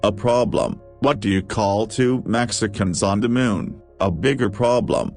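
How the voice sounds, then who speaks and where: A man reading a list of jokes aloud, with a steady question-and-punchline delivery. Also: fairly low pitch, unhurried, faint music behind. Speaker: joke reader.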